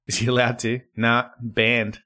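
A man's voice: mid-range voice, completely flat delivery, unhurried, sharp tone. A man in his thirties co-hosting a casual podcast chat, swearing freely and laughing easily. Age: 30s. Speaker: podcast co-host.

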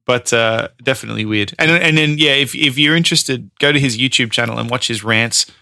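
A man co-hosting a podcast in casual chat, animated, laughing often and swearing freely. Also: mid-range voice, fairly quick, vocal fry, clean tone, no room sound, studio quality. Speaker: podcast co-host.

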